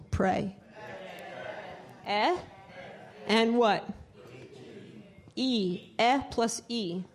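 A woman who directs a choir, teaching a live group how to sing vowels, asking questions and singing short demonstrations. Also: medium pitch. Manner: interactive, asks the group questions.

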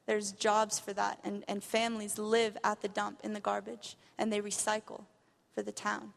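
A woman's voice: medium pitch, completely flat delivery, normal speed, gravelly, long reverb tail. A young woman giving an earnest missionary testimony in church, growing impassioned as she retells a story. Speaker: missionary speaker. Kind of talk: testimony sermon. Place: church hall.

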